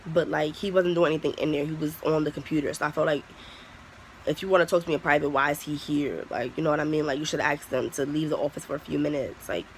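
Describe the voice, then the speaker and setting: Creaky-voiced young vlogger telling a story. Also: mid-range voice, a little hiss or hum, rough recording. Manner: candid, profane, heavy use of "like". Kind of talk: casual storytime vlog.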